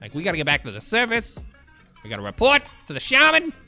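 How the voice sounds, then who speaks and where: A man's voice: on the high side, very animated, rapid-fire, bright, forceful tone, soft background music, voice pushed up, full character voice. A man voicing a small, impatient, foul-mouthed male goblin in a tabletop game, with a brash, pushy manner.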